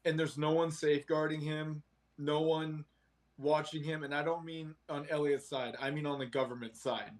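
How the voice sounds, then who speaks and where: A man hosting a casual film podcast, his voice sitting a little high. He talks in an animated way and often breaks into laughter. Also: moderate pace. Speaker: podcast host. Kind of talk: casual movie discussion.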